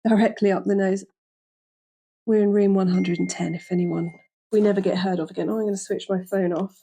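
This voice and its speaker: A woman hosts a podcast in a chatty, joking way, talking in a voice of middling pitch. She is in a hotel room and wears a lapel mic. She often stops and corrects herself mid-sentence. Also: fairly even intonation, gravelly, mellow, husky. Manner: chatty and jokey, with quick self-corrections. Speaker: podcast host. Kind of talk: casual podcast chat.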